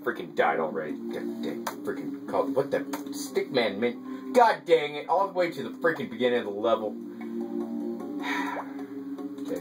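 A man giving casual gameplay commentary as a let's play gamer, excitable and quick to mock his own frustration. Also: on the low side. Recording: distant mic with game music behind.

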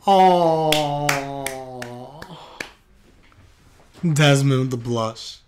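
A man's voice: medium pitch, expressive, measured pace, a little hiss or hum. A man reacting live to an anime episode on his stream, chatty and openly emotional.

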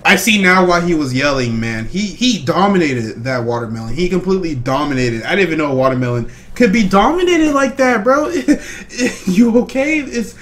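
A young man hosting a casual reaction video, jokey and animated, laughing often and calling the viewer bro. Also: sits high, moderate pace.

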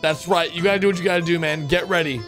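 A man hosting a reaction video, giving excitable, exclamatory commentary on animated clips and calling out to viewers. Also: on the high side, fast. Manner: excitable, exclamatory, talks to viewers as "bro" and "guys". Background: music.

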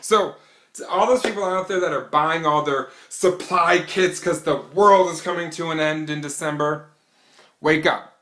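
A brash, mocking male vlogger with a high, sharp and bright voice. He rants straight to the camera, laughing at his own jokes. The sound bounces around an echoey room. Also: normal speed. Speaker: vlog host. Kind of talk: comic opinion rant to camera.

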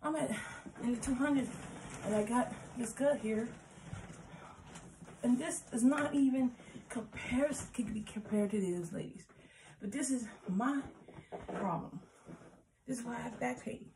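A woman's voice: on the high side, unhurried, long pauses, background noise. A woman doing a casual workout vlog at home, counting squats aloud and cheering her viewers on while out of breath. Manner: encouraging, chatty, counts reps aloud. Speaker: fitness vlogger.

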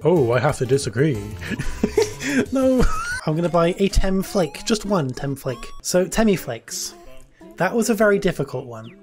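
A woman's voice: deep voice, lively intonation, a little slow, over music. A woman streamer giving casual, crude, jokey let's-play commentary with plenty of swearing.

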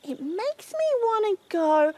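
A performer voicing a sweet, excited baby calf puppet on a children's TV show, full of wide-eyed delight. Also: very high-pitched, slow pace, a little hiss or hum, full character voice.

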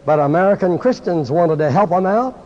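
A man's voice: high-pitched, expressive, brisk, mellow. A man preaching a fervent, exclamatory sermon to a gathering of preachers, at times switching into French. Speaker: evangelist preacher. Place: large church or conference hall. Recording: dull lo-fi archive recording in a reverberant hall.

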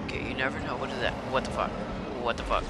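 A man commentating a horror game as he plays it, profane and excitable, often shouting at enemies. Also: medium pitch, fast talker. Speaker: gamer playing a horror game. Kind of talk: let's play commentary. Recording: game sound and noise behind.

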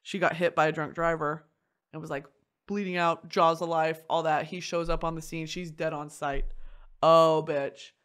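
A woman hosting a podcast, chatting casually in an animated way, swearing often and laughing through a story. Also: low-pitched, normal speed, smooth. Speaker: podcast host. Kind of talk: casual chat.

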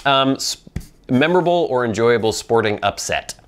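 A young man hosting a casual viewer Q&A, thinking out loud with many ums and restarts. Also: mid-range voice, expressive, normal speed, a little hiss or hum. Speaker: pipe tobacco channel host.

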